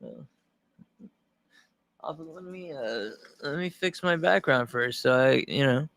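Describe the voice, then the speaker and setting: A man's voice: mid-range voice, expressive, takes it slowly, vocal fry, fairly bright tone, no room sound. A man from Long Island rambling through a profane livestream reaction at home, restarting sentences as he goes. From Long Island, New York. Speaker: streamer reacting to a news clip. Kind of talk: casual livestream commentary.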